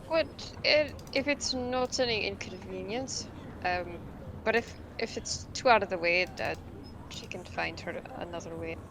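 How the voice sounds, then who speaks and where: A woman player in a tabletop game who speaks hesitantly and softly. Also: medium pitch, unhurried. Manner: hesitant, soft-spoken. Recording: noticeable background noise.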